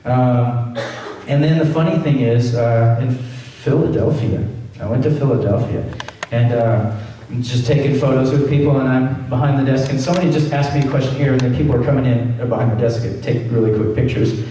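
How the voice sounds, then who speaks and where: A voice actor answering fan questions on a convention panel, chatting casually and telling stories full of "like" and acted-out quotes. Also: male voice, medium pitch, a little fast, few pauses, mellow, a little hiss or hum. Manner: chatty, fills with "like", acts out quotes. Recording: very echoey hall, voice far from mic.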